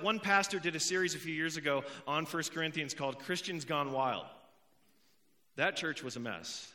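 A young man delivers a sermon in a bright, forceful voice that sits a little high. He talks in a conversational way, drives his points home by repeating them, and drops in joking asides to the people listening. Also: lively intonation, normal speed. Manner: emphatic, repeats key points. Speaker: pastor.

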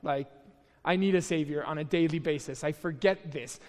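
A man's voice: a little high, normal speed, in a large hall. A young man giving a casual, conversational sermon at a church, chatty and self-deprecating, with frequent restarts. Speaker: preacher. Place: church hall.

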